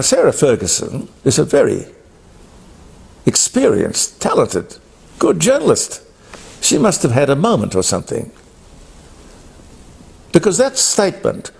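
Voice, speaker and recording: A man's voice: fairly high pitch, vocal fry, a little mellow, breathy edge. A man with an Australian accent, hosting talk radio with a blunt, emphatic opinion monologue that wanders between topics. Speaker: radio host.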